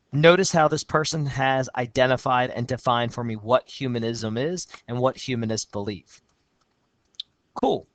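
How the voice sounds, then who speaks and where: A man's voice: medium pitch, brisk, fairly bright tone, no room sound. A male teacher walks through a student essay in a recorded lesson, reading passages aloud and commenting with upbeat energy. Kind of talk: recorded lesson with screen walkthrough.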